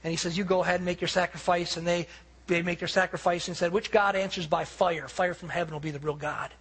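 A man preaching a sermon with a husky, somewhat raspy voice that sits high for a man. He tells stories in an animated way, acting out what people said. He speaks as a pastor to his congregation. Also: quick pace.

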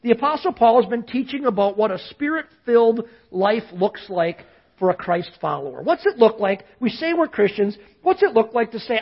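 A male pastor with a husky, slightly rough voice delivers a lively sermon, asking the congregation to say lines back to him. The recording sounds dull and lo-fi. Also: high voice, moderate pace. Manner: lively preaching, calls on listeners to repeat after him.

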